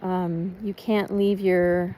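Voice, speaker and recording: A woman chatting casually while walking her dog outdoors, rambling and switching into halting German. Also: fairly low pitch, little pitch movement, warm tone, slight background noise. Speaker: vlogger. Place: outdoors in a neighborhood.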